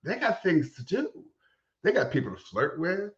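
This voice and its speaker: Lively, jokey man in an echoey room. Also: sits high. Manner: quick jokey interjections. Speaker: podcast co-host. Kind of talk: casual chat. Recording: echoey room, dull lo-fi sound.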